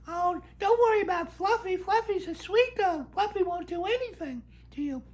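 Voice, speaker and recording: A man voicing a hysterical woman dog owner in a shrieking falsetto, doting and then screaming. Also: expressive, moderate pace.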